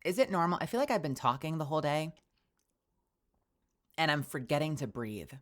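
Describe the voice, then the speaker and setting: A woman's voice: deep voice, very animated, a little fast. A young woman streaming casually, bubbly and rambling, often laughing. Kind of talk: casual livestream chat.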